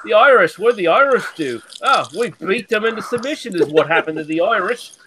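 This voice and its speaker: A man's voice: high-pitched, lively intonation, fairly quick, pushed and bright, a little hiss or hum. A man putting on a haughty snob. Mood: scornful. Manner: swearing, insulting, haughty. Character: pompous upper-class English man, sneering snob.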